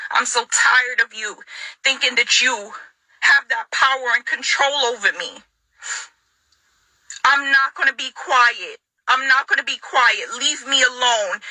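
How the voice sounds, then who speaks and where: A young adult woman vlogger rants angrily straight to camera at her ex, confrontational and repeating lines for emphasis. Her voice is high-pitched, pushed and bright. The recording is dry and the audio quality is poor.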